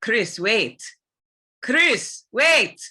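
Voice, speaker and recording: This is a slow, bright-edged, low-register West African woman soldier with an accent laid on thick, as a woman puts her on. She sounds older, and every word is deliberately over the top. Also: very animated, heavily acted. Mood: dramatic. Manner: deliberately exaggerated heavy accent.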